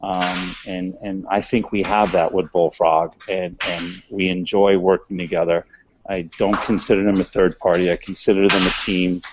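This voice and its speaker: A deep-voiced man with a New York accent talks bluntly, looping back on himself with many restarts. He speaks as a restaurant owner in a casual interview. The sound is dull and muffled. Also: level tone, normal speed, background noise.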